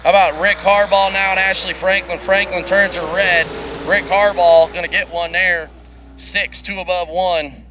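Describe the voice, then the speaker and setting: A man's voice: sits high, fairly even intonation, background noise. A man calling drag races live, rattling off dials and reaction times, laughing often between runs. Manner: quick play-by-play, laughs often. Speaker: drag racing commentator. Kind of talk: live race commentary. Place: racetrack broadcast booth.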